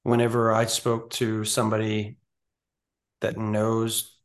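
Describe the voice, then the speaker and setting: A man co-hosts a recruiting podcast, chatting about sports casually and animatedly while frequently restarting sentences. His voice is lowish and monotone, and he takes it slowly.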